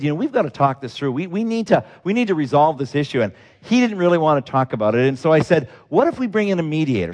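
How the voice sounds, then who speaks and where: A man preaching a sermon as a pastor, telling a story with animated delivery, acting out the people he quotes and breaking into laughs. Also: fairly high pitch.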